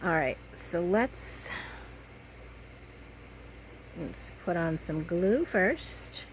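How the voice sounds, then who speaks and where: A woman's voice: on the low side, lively intonation, extremely slow, slight background noise, rough recording. A woman making a craft video, chatting casually to herself and the viewer as she cuts and glues. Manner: chatty, talks to herself while working. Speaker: crafting vlogger.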